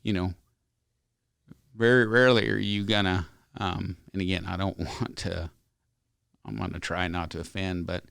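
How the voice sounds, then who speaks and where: A man's voice: low voice, steady tone, normal speed, creaky, long pauses, fairly bright tone, smooth, dry recording, studio quality. A man being interviewed on a podcast, telling stories in a folksy, earnest, rambling way. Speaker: ranch company owner, podcast guest. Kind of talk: casual interview storytelling.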